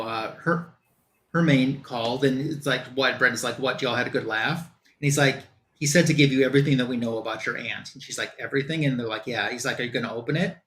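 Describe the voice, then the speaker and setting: A man's voice: medium pitch, fairly bright tone. A man on a comic book show, casually recapping a plot in loose quoted dialogue with lots of fillers.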